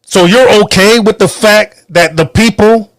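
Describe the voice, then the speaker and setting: A man's voice: high-pitched, measured pace, dry recording, studio quality. A man hosting a podcast, giving a heated, profane, emphatic political rant from home. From United States. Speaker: podcast host. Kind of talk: angry political monologue.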